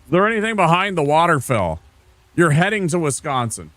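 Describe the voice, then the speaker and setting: A man's voice: fairly high pitch, very animated, moderate pace, long pauses, fairly bright tone, no room sound. A laid-back man from Minnesota streaming a game, rambling casually and talking to viewers by name. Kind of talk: casual gameplay chat with chat.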